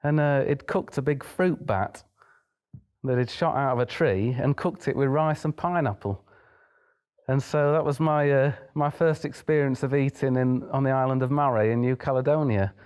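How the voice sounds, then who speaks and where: A man's voice: mid-range voice, moderate pace, darkish tone, clear, resonant tone. A young man, a pianist being interviewed, chatting through a travel story and acting out the dialogue in it.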